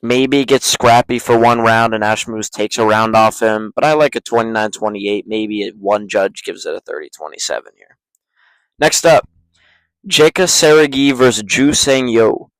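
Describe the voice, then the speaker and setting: A man's voice: on the low side, moderate pace, no echo, rough recording. A young man running his own MMA channel, ranting bluntly and swearing freely through casual fight predictions. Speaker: MMA YouTuber.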